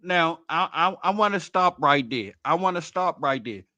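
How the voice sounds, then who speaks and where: A man hosting a live stream, out of breath, talking in a loud, rambling, profanity-heavy way. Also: a little high, animated, normal speed, no room sound. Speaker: host. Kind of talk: casual stream commentary.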